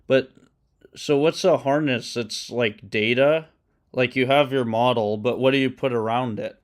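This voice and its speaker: Guy live coding on stream, muttering his code out loud, smooth clear voice. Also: medium pitch, steady tone, measured pace. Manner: thinks aloud, mutters code to himself. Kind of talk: casual live-stream commentary while coding.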